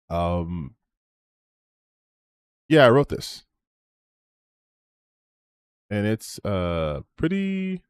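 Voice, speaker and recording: A man with a lowish, slightly mellow voice finishes his stream by rambling and promoting himself, cursing freely as he talks. There is no echo on the recording.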